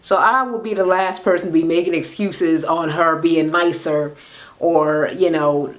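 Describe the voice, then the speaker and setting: A woman's voice: low-pitched, unhurried. A woman ranting casually about a reality show, sassy and swearing freely, acting out what people said. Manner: animated, sassy, swears freely, acts out quotes. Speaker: reality TV recap vlogger. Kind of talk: casual profane recap rant.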